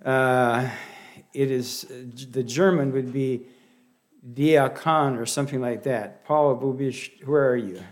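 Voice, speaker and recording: A man with a Pennsylvania Dutch accent preaches a sermon in a folksy, halting way. He often restarts his phrases and slips in light humor. His voice sits at an ordinary middle pitch. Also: steady tone. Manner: halting, with many restarts and fillers.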